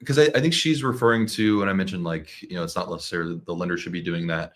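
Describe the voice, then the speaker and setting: A man guesting on a livestream as a mortgage lender, relaxed, repeating words and saying "like" a lot. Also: low voice, fast. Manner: relaxed, stammers on restarts, uses "like" a lot. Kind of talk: casual interview chat.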